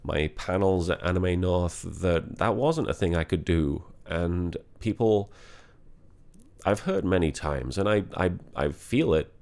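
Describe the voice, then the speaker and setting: A man talking candidly and reflectively in a confessional vlog, in a halting way. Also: deep voice, expressive, a little mellow. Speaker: vlogger.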